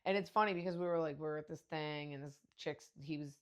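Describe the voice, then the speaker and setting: A woman's voice: low voice, fast talker, smooth. A woman in her forties hosting a podcast, telling casual stories in a brash, profane way with frequent laughter. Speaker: podcast host. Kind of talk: casual storytelling monologue.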